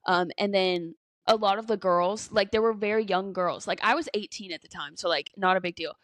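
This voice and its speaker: Brisk and a bit bright, her mid-range voice comes through with no echo. She's a woman in her twenties co-hosting a laid-back podcast, spinning stories full of "like" and "you know" and dropping the odd swear word.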